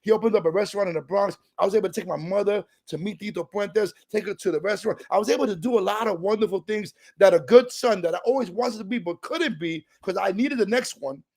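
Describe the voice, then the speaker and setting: A man's voice: high-pitched, fast talker, few pauses, darkish tone. A middle-aged man, from a Puerto Rican family, telling his recovery story in a streetwise, emotional, casual way. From New York, Puerto Rican family. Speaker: recovery speaker. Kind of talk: personal recovery talk.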